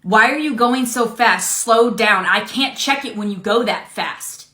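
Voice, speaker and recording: A woman's voice: a little high, a little slow, sharp tone. A woman playing an impatient, suspicious female customer with coupons who nags the cashier in a comedy skit. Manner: nagging, suspicious, bossy. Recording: echoey room.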